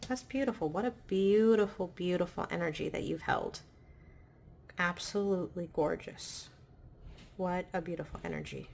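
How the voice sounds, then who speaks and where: A woman giving a pick-a-pile tarot reading in a gentle, affirming way, often checking in with "right?". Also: fairly low pitch, animated, normal speed, vocal fry, slight background noise. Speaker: tarot reader.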